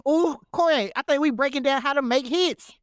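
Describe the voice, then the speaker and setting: A man's voice: extremely high pitch, brisk, dry recording, studio quality. Laughing man in casual podcast banter. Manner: laughing, deadpan reading of song lyrics. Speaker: podcast co-host. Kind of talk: casual chat.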